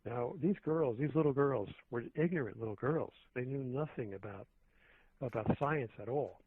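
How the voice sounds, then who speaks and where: A man's voice: medium pitch, moderate pace, breathy edge, dry recording. A man, a radio show guest, talking earnestly and at length, with many restarts, over a phone line. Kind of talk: phone-in talk radio conversation. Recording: tinny phone line, dry.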